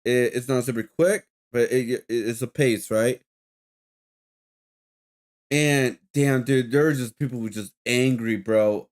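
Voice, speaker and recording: A man's voice: medium pitch, fairly even intonation, measured pace, a little mellow. A man streaming, telling a rambling story in casual chat with lots of fillers and swearing.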